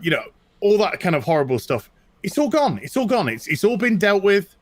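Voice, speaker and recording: British guy chatting, lively up and down voice, kinda high, dry sound. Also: brisk, no room sound. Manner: animated, repeats himself, tells stories. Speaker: co-host. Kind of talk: casual chat.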